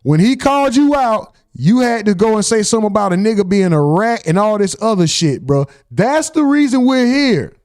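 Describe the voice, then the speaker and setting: Animated, high-pitched man heckling rappers. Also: moderate pace, hardly any pauses, no room sound, clean studio sound. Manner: loud, profane, heckling reactions. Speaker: host. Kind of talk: casual commentary on rap news.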